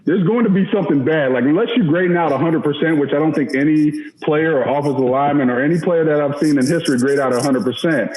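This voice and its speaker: A man's voice: a little high, quick pace, hardly any pauses, a little mellow. A man in his forties, a former college offensive lineman, telling a rambling, self-mocking story in casual talk. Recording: echoey, dull remote audio.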